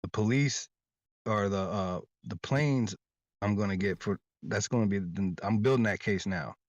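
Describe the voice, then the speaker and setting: A rambling, insistent man with a lowish voice tells his story in loose casual talk, stumbling over repeated words. The audio is dull and lo-fi, with a dry, close sound. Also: moderate pace, no echo. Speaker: interview guest.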